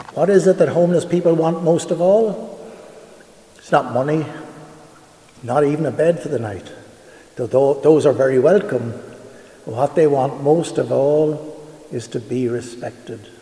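A man's voice: medium pitch, mellow. A man giving an earnest public talk, telling stories and asking rhetorical questions. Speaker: homeless charity director giving a talk. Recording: echoey hall with long reverb.

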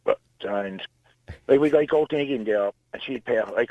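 A man's voice: mid-range voice, quick pace, dry recording. An Irish man in his late forties, calling in to a radio show and rambling through stories. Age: 40s. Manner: rambling anecdotes. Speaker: caller. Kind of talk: phone-in call. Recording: tinny phone line.

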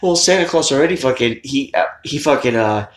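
A man's voice: mid-range voice, animated, fairly quick. Brief: foul-mouthed man riffing in long rambling rants, in an echoey room. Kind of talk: casual comedic banter. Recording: roomy echo.

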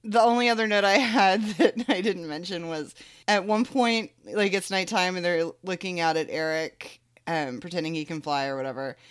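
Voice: medium pitch, normal speed, a bit bright, smooth. A podcast co-host chatting casually, telling stories in a rambling way full of fillers. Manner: rambling, filler-heavy storytelling. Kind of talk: casual chat.

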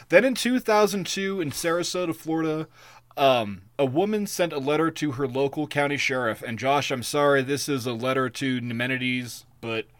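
A man co-hosting a podcast, telling stories in a loose, profane, animated way. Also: medium pitch, moderate pace, no room sound. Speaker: podcast co-host. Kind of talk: casual comedic chat.

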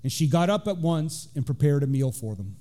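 A man's voice: fairly high pitch, sing-song, brisk, warm tone. A middle-aged man, a deacon, giving an informal sermon and reading scripture aloud, talking conversationally with many fillers and restarts.

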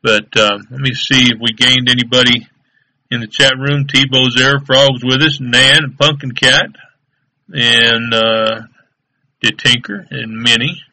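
Man, show host, casual rambling chat, very bright tone, mid pitch. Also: steady tone, measured pace, rough recording. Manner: easygoing, rambling with fillers. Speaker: internet radio show host.

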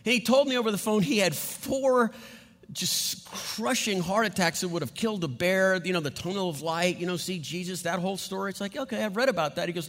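A man pastor telling stories in a sermon, animated and conversational, laughing between lines. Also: high-pitched, brisk, big-room sound. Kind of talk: sermon storytelling.

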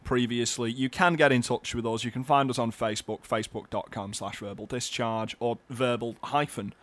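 A man co-hosting a comedic radio show, joking in a dry, playful, deadpan way. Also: mid-range voice, normal speed. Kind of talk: comedic casual chat.

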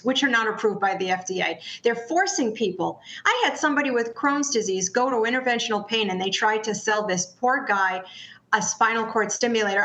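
A woman's voice: medium pitch, a bit bright, echoey room. A woman speaking as a guest in an interview, arguing emphatically and firing off rhetorical questions. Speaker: patient advocate guest. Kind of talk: heated interview talk.

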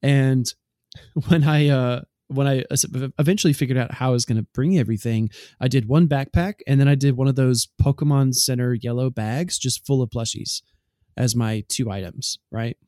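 A man of middle pitch telling a rambling podcast story, full of "like" and "right?". His speech is casual and anecdotal. The mic is dry and close. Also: moderate pace, warm tone, no room sound. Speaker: podcast co-host.

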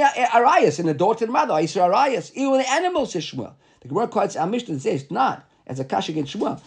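Male Talmud teacher, quick and raspy, reads the text then explains it, halting delivery. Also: a little high, darkish tone. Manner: reads the Hebrew text aloud and then explains it in English, hesitant. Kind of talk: Talmud study lesson.

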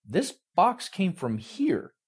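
A frightened young office worker speaking in a small, hushed, husky voice, as a male narrator puts her on. Her lines come out quiet and tense in a story reading. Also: high-pitched, wildly swooping pitch, slow, voice pushed up, full character voice.

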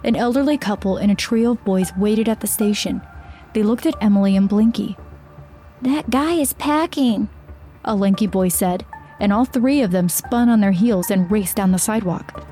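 A woman reading a horror story aloud as narrator, in a steady, measured way. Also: mid-range voice, soft background music.

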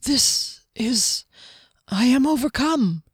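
A woman's voice: sits high, expressive, slow pace, husky, no echo, clean studio sound, voice pushed up, exaggerated voice. A woman voicing a reserved, secretive male swordsman who speaks formally and earnestly.

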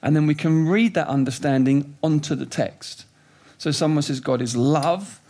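A middle-aged man delivers a sermon in a fairly high voice. He is animated and emphatic, dropping into quiet reflection and then rising with urgency. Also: normal speed. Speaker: preacher.

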